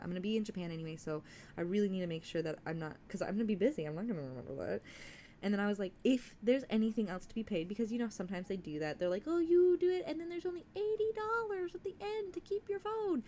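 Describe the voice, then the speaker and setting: A woman's voice: fairly low pitch, a little mellow, slight background noise. A young adult woman streaming, chatting candidly and rambling, swearing freely between book readings. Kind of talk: casual livestream chat.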